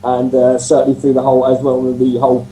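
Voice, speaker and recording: Mellow-voiced man on a call. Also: medium pitch, completely flat delivery, fast talker, slight background noise, poor audio. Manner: rambling, swears freely, many restarts. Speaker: panellist. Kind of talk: casual panel discussion. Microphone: computer mic on a video call.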